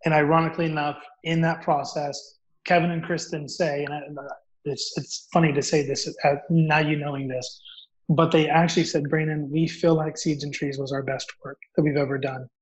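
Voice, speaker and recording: A man telling a story as a guest author, acting out the dialogue in an animated way. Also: fairly high pitch, moderate pace. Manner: animated, acts out quoted dialogue. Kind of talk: storytelling in an interview. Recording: dull lo-fi audio.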